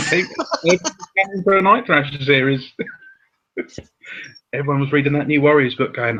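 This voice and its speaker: A man's voice: fairly high pitch, measured pace, pauses often, sharp tone. A man hosting a casual chat about comics, chatty with laughing asides. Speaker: host. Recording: dull lo-fi sound.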